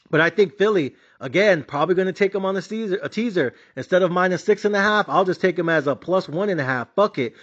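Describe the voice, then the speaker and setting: A man's voice: high voice, fairly bright tone. A man hosting sports betting picks, talking in a brash, hyped, profane rant, mixing in words. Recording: dull lo-fi sound.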